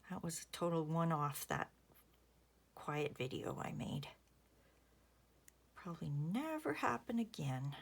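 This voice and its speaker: A woman's voice: low voice, lively intonation, moderate pace. A woman hosting a craft video, chatting in a rambling way and thinking aloud as she works. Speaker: craft channel host. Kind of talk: casual chat while crafting.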